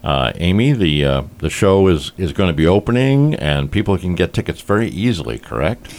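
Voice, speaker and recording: A man from Rhode Island hosting a casual interview about a theater show, talking in a relaxed, conversational way. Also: deep voice, normal speed. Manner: conversational, uses fillers. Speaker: radio host.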